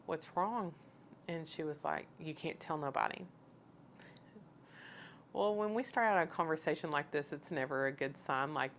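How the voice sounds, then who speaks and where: Low gravelly woman telling her story. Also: slight background noise. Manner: candid storytelling, acting out dialogue with many fillers. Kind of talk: personal testimony.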